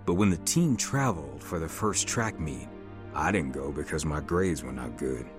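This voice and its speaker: A middle-aged man calmly narrating his own life story as a testimony. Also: rumbling low, moderate pace. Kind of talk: testimony narration over music. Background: music.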